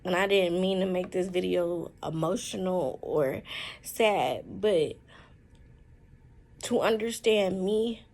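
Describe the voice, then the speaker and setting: A young woman talking candidly in a personal vlog from a hospital room, in slow, halting, heartfelt speech with many fillers. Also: on the low side, darkish tone, rough recording. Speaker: vlogger.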